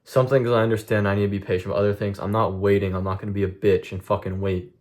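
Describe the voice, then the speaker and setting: A man's voice: on the low side, little pitch movement, fast. A young man streaming a blunt, profane monologue to his chat, venting intensely about discipline and cutting things out. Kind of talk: casual vlog monologue to chat.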